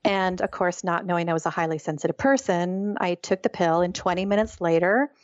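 A woman's voice: on the low side, steady tone, fairly quick, no room sound. A middle-aged woman speaks as an interview guest, earnest and reflective as she recounts her experience. Her voice comes through a slightly dull, lo-fi line with a dry, close sound. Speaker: guest, author. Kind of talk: interview conversation.

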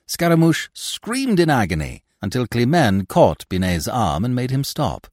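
A man narrating a classic novel for a podcast in a theatrical, expressive manner, close to the mic. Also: mid-range voice, measured pace, no echo.

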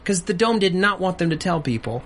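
A man's voice: sits high, animated, a little fast, a bit bright. A man hosting a casual TV after-show chat, playful and speculative. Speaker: host.

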